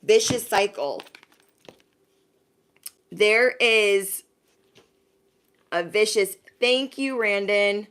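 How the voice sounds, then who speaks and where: A woman's voice: medium pitch, very slow, pauses often, a bit bright, clean tone. Chatty woman doing a live zodiac reading. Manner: chatty and slangy, talks straight to viewers; often acts out quoted voices. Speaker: intuitive card reader.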